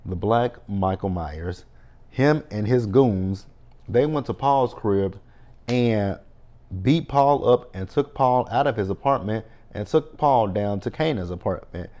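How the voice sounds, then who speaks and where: A man giving a casual TV episode recap, animated and profane, quick to mock with exaggerated reactions. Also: lowish voice. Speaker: TV recap host.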